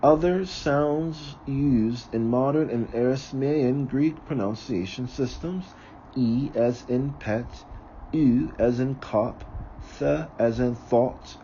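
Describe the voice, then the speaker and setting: A man reading aloud from a book, slowly and carefully, sometimes correcting himself. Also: mid-range voice, warm tone, muffled recording, a little hiss or hum. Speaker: reader of a book on ritual.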